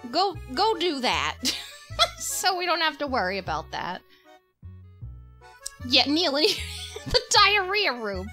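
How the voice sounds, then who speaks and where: A woman streamer giving live gameplay commentary, giggling often, swearing and reacting loudly to the game. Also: on the high side.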